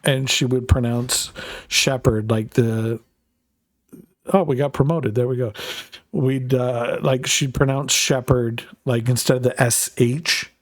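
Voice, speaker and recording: A man's voice: medium pitch, steady tone, slow, no echo. Man as a rambling, casual game streamer. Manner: rambling, loose, swears freely. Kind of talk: casual live-stream chat while gaming.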